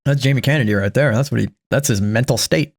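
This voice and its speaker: A man's voice: mid-range voice, fast, gravelly. A man hosting a reaction video, giving sarcastic commentary that is full of swearing. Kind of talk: casual commentary.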